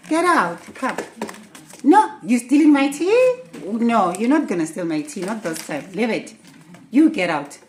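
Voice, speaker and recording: A woman's voice: a little high, very animated, measured pace, a little mellow, a little hiss or hum. A woman filming her parrot at home in a kitchen, scolding it playfully between laughs. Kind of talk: casual home video talk.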